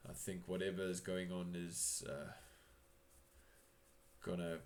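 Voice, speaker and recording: Man playing a gloomy old hermit, low voice. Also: monotone, slow, slight background noise. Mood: worried, gloomy. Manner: hesitant, rambling and gloomy. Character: worried old hermit man, shunned as crazy.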